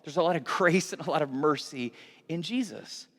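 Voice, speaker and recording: A man preaching with a high, light voice, talking in a casual, animated way and often restarting his sentences. His words ring out with the long reverb of a large hall. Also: normal speed. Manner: conversational, animated, with repeated restarts. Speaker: pastor. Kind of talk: sermon.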